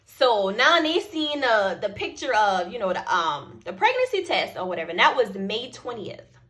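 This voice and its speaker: A woman's voice: mid-range voice, sing-song, moderate pace, a bit bright. A young woman, telling a personal story to her viewers and acting out both sides of the conversations. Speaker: vlogger. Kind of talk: casual storytelling to camera.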